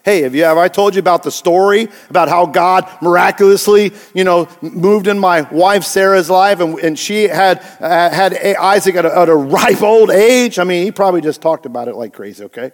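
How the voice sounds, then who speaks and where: A man preaching a sermon as pastor, playful, acting out little voices and slowing down for emphasis. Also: sits high, in a large hall. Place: church sanctuary.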